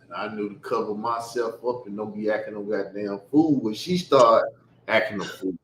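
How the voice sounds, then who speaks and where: A man telling stories in casual chat, profane and animated, with bursts of laughter. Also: on the low side, normal speed, reverberant, a little hiss or hum, poor audio. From Chicago. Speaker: podcast host.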